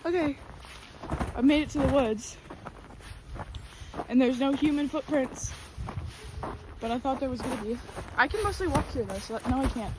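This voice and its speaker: A high-pitched woman chats her way through deep snow outside, exclamatory and self-mocking, short of breath, her voice a little rough. It is a noisy outdoor recording from a camera on a tripod, and she often wanders away from the mic. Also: normal speed, pauses often. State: voice a bit rough. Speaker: vlogger. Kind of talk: casual vlog narration. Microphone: camera on a tripod, sometimes from a distance. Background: outdoor ambient noise.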